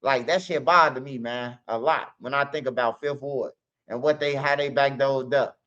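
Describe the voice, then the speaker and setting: A man's voice: medium pitch, moderate pace, fairly bright tone, lo-fi sound. A man hosting a stream, talking in a loose, slangy, rambling monologue full of "man" and "bro". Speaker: streamer host.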